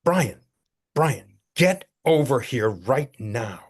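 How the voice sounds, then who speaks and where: A man's voice: mid-range voice, big pitch swings, slow, husky, heavily acted. An older man voicing a stern mother firmly ordering her young son. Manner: firm, commanding.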